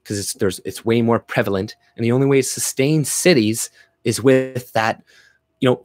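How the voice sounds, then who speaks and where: A Canadian man rants on a livestream in a fairly low voice, blunt and profane, stumbling through fillers and restarts. The sound is studio quality with no echo.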